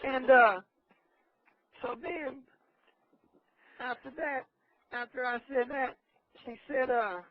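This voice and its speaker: High-voiced rambling man on radio. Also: slow pace, long pauses, no room sound. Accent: Los Angeles. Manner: rambling, loses his train of thought. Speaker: regular caller. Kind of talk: rambling comic phone-in story. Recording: dull radio broadcast audio.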